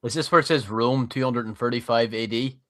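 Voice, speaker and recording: A man in casual chat on a live stream, blunt and quick to swear, mostly tossing in short reactions. His voice is mid-pitched and recorded dry and close, with no room sound. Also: steady tone, a bit bright, no echo. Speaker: co-host.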